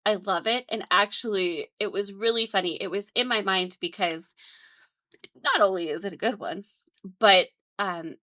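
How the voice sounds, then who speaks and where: A woman hosting her own vlog, chatting in a relaxed, enthusiastic way and giggling often. Her voice is bright and clear, at a middle pitch. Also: normal speed. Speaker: host. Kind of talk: casual vlog chat.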